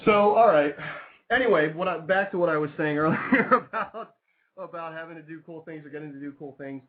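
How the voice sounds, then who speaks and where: A man's voice: on the high side, quick pace. Chatty male radio host, tinny sound. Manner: chatty, rambling, reads out sponsor plugs and call-in number. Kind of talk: casual radio banter.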